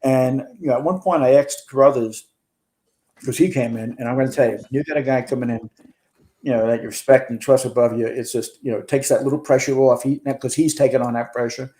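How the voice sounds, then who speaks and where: A man in his sixties, once a fire chief, tells a long, earnest story about fighting a fire, in close detail. His voice is warm and mellow, sitting at an ordinary middle pitch. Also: steady tone, brisk. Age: 60s. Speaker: guest, retired fire chief. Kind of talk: recounting a firefight in a podcast interview.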